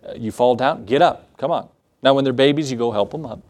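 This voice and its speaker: A man's voice: mid-range voice, fast, a little mellow. A pastor giving a sermon to his church, talking with them rather than at them. He often laughs and acts out little asides as he goes. His voice sits right in the middle range for a man. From United States. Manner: conversational, with laughs and acted asides.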